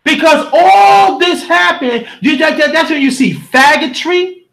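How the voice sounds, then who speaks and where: Man, strikingly high voice, bright and forceful, preachy livestream rant, frequent shouting. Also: expressive, measured pace. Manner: preachy, fiery, often shouting, addresses listeners directly. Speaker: livestream host reading chat.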